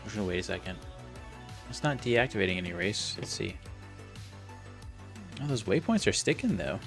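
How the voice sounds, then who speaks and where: A man's voice: on the low side, expressive, normal speed, fairly bright tone, soft background music. A man casually narrating as he plays and edits a game, thinking aloud and talking himself through each step. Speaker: game modder and video creator. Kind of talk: casual commentary while playing and editing a game.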